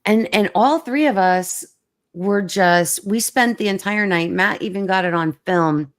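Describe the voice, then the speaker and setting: A middle-aged woman hosting a casual chat, telling a story with many restarts and acting out quotes in a higher voice. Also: unhurried. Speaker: host.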